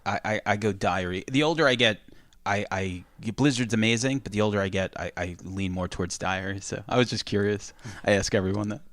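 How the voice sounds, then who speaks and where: A man co-hosting a podcast in casual chat, chatty and quick to laugh, swearing freely. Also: lowish voice, fairly bright tone, no room sound. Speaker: podcast co-host. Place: hotel room.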